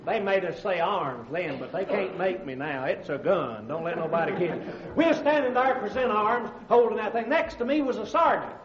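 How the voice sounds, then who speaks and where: A man's voice: high-pitched, expressive, a little fast, hardly any pauses, a crowd in the background. A man with an Alabama accent, a pastor telling folksy comic stories with drawling asides. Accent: Southern US, Alabama. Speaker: pastor and comedian. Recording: roomy, dull old comedy record.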